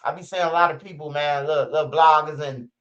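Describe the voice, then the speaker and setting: A man's voice: on the high side, steady tone, fast talker, a bit bright. A man from Chicago with a Chicago accent, hosting a livestream and giving blunt, profane street-talk commentary. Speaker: livestream host. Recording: muffled lo-fi stream audio.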